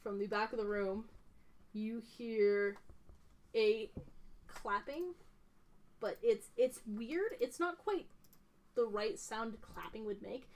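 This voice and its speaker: A young woman narrating as dungeon master in a casual, rambling way, full of fillers. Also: on the high side. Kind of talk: narrating a tabletop game.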